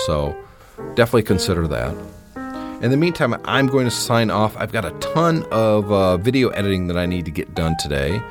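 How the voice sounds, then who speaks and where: A low-pitched man hosts his podcast solo, chatting casually and giving his opinions freely. He restarts his sentences often and fills the pauses. Soft music plays faintly underneath. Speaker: podcast host. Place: indoor home studio.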